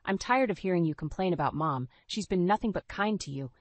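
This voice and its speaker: A woman's voice: fairly low pitch, animated, a little fast, no echo. Woman voicing a curt, dismissive husband. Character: stern, impatient husband, adult man.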